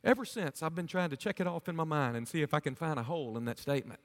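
Fast and expressive, a fairly high-pitched male pastor delivers a sermon, earnestly firing rhetorical questions at his congregation. His voice echoes with a long hall reverb.

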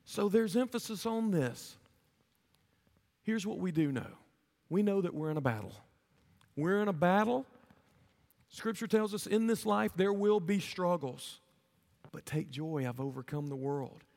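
High-voiced preacher in a reverberant hall. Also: male voice, animated, measured pace, gravelly, pauses often, a little mellow. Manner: earnest preaching, rhetorical questions to the congregation. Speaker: pastor. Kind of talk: sermon.

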